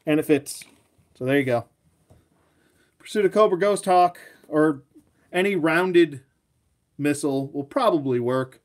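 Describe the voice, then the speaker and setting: A man's voice: on the high side, unhurried, pauses often. A man giving a casual toy review, rambling and joking, with lots of ums and uhs.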